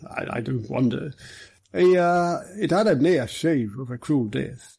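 A man reading the part of a genial, brisk middle-aged police superintendent with a hearty, slightly teasing manner. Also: mid-range voice, lively intonation, vocal fry, a little mellow, slightly rough, exaggerated voice. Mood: jovial. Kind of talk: audiobook character reading.

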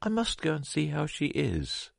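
Man putting on a cunning young fox-woman, cooing, sly, lilting up and down, gravelly edge, storybook reading. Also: fairly high pitch, wildly swooping pitch, moderate pace, dry recording, clean studio sound, voice pushed up, full character voice. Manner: cooing, sly, sing-song.

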